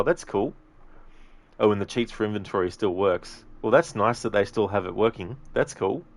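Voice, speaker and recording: A man streaming a video game, chatting casually and reading out chat messages. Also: low voice. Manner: relaxed, rambling, reads chat aloud.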